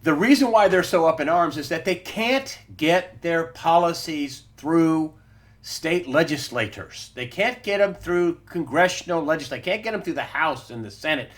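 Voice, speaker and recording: A man's voice: a little high, expressive, normal speed, fairly bright tone. Emphatic male news show host. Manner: emphatic, combative, addresses listeners as folks. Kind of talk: opinionated political news commentary.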